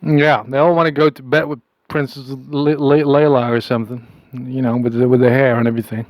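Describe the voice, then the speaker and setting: A man rambles through a comic audio message in a put-on accent, stalling and circling back with a conspiratorial, self-amused air. His voice sits at an ordinary middle pitch. The sound is close and completely dry. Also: little pitch movement, brisk, darkish tone, no echo, rough recording. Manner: putting on an unplaced accent. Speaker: comic monologuist.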